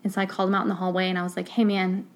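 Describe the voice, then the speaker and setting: A woman who works as a teacher, chatting casually on a podcast and telling classroom stories with lively acted-out quotes. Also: fairly low pitch, rapid-fire, slight background noise. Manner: animated storyteller, acts out voices in quotes. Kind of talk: casual chat, storytelling.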